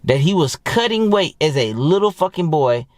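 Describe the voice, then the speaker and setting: A man's voice: on the high side, lively intonation, normal speed, darkish tone, dry recording, studio quality. A man working as a dating coach, talking in a blunt, heavily profane, rambling monologue to his viewers. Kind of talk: casual profane monologue to camera.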